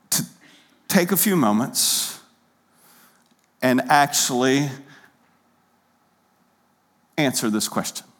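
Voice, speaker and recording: A pastor preaching a sermon in a church, talking conversationally and putting rhetorical questions to his congregation. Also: a little high. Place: church sanctuary with pews.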